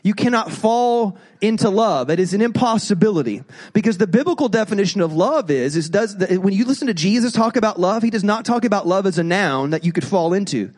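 A male pastor preaching a sermon in an animated way, acting out quoted voices. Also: sits high, fast.

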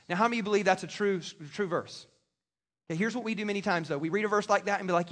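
A pastor with a high, slightly bright voice preaches a sermon at a quick pace, chatting with the congregation and tossing in joking asides. He stands on a church stage in a large hall, and the recording carries a long hall reverb.

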